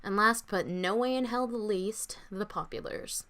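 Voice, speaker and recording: A woman's voice: medium pitch, unhurried, a bit bright, close to an everyday voice. A woman voicing a bossy, outspoken teenage schoolgirl in a scornful, blunt way.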